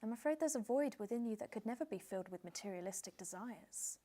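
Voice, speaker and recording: A woman voices a British comedy-sketch guest who lectures her host like a counsellor. Her voice sits fairly high, and she talks in a theatrical, flowery, condescending way. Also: lively intonation, fast talker, mellow, slight background noise, natural voice. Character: self-styled female outback expert, meddling amateur therapist.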